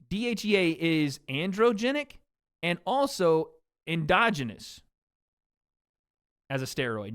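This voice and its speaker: A man with a fairly high-pitched voice hosts a casual commentary podcast. He reads documents aloud and breaks into animated, laughing asides. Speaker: podcast host.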